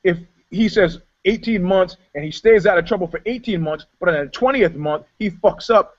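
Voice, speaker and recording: A man co-hosting a casual chat, telling stories loudly and profanely and acting out the people in them. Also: sits high, moderate pace. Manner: profane, animated storyteller acting out quotes. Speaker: podcast co-host. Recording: dull lo-fi podcast audio.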